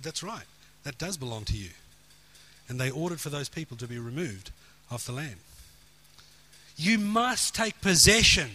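A middle-aged man preaching a sermon, telling stories with earnest emphasis and dropping soft for quoted prayer. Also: on the high side.

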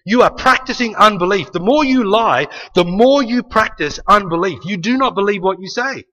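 A man's voice: high-pitched, lively intonation, moderate pace, pushed and bright. A man preaching a sermon to a congregation in an emphatic manner, repeating key phrases and acting out quotes. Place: church hall with a live congregation. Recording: long reverb of a large hall.

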